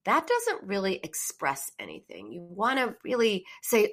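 Earnest middle-aged woman, therapist host, warm encouraging delivery. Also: mid-range voice, huge pitch swings, a little slow, hardly any pauses, breathy edge. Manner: earnest and encouraging, acts out emotional phrases. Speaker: therapist hosting a call-in live stream. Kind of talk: casual live-stream advice talk.

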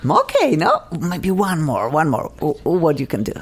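A woman hosting an interview in an excited, enthusiastic way, with slightly broken English grammar. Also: low-pitched, normal speed, husky. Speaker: interview host. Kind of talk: casual interview chat.

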